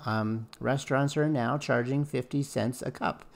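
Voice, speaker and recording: A man's voice: medium pitch, fairly even intonation, normal speed, gravelly. A man co-hosting a commentary stream, blunt and sarcastic as he scolds the person under discussion. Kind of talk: critical commentary chat.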